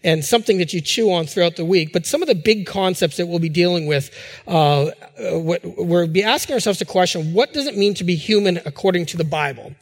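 Middle-aged male pastor, high voice, chatty sermon delivery with restarts, long hall reverb. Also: a little fast. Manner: conversational preaching with fillers and restarts.

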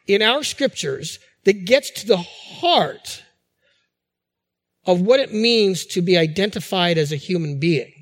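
High-voiced preacher in a reverberant hall. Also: male voice, fairly bright tone. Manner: conversational preaching with fillers and restarts. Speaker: pastor. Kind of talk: sermon.

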